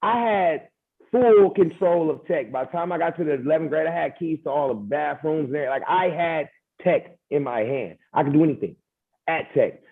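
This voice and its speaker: A man's voice: fairly high pitch, normal speed, slightly rough, narrow, tinny audio. A man who is a podcast guest and former athlete, telling stories from school in emphatic casual chat. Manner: emphatic storyteller, calls listener "bro".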